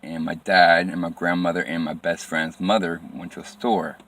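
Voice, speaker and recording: A man telling a personal story from his life in plain, halting phrases with frequent restarts and repetition. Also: sits low, flat delivery, fairly bright tone.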